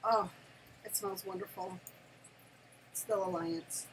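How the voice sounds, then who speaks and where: An older woman and grandmother chatting casually through an unboxing, gushing and excitable, laughing often and squealing with delight at home. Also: medium pitch, measured pace, pauses often, slight background noise, low-quality recording. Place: home, near her desk.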